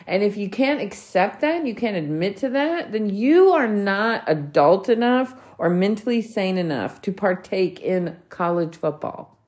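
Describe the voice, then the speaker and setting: A woman's voice: mid-range voice, animated, unhurried, darkish tone. A woman, hosting a solo podcast rant, blunt, heated and full of swearing. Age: 40s. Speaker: podcast host.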